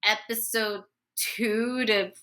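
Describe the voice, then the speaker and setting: A woman's voice: mid-range voice, slow pace. A woman voice actor, a guest on a podcast, telling stories in casual chat and acting out the quotes as she goes. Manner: animated storytelling with acted quotes.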